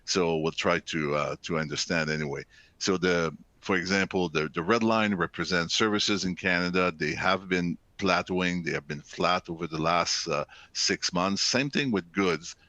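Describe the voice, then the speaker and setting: Deep-voiced economist with many fillers. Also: male voice, moderate pace, bright, forceful tone, no room sound. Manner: hesitant, many "uh" fillers, explanatory. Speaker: chief economist, guest speaker. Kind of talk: presentation.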